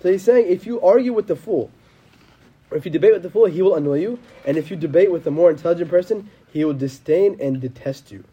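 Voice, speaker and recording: A man giving a casual, slangy religious talk, animated and quick to quote Arabic scripture. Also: high voice, husky, dull audio.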